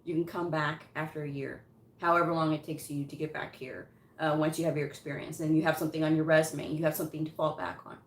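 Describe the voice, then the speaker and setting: A woman's voice: deep voice, fairly even intonation, fast talker. Chatty woman telling a story, echoey room. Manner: chatty, laughs often, quotes people as she tells it. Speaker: medical coding vlogger. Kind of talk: casual storytelling.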